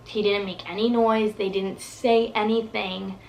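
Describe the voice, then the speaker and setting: A woman's voice: medium pitch, level tone, measured pace, creaky, a little hiss or hum, low-quality recording. A young woman vlogger telling a long personal story in casual, rambling talk full of fillers and swearing.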